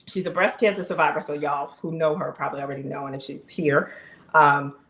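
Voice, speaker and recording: A woman in her fifties vlogs straight to her viewers, casual, heartfelt and emphatic, chatting away in a deep, slightly bright voice. Her intonation stays fairly even and she talks fairly quickly. The room adds a noticeable echo.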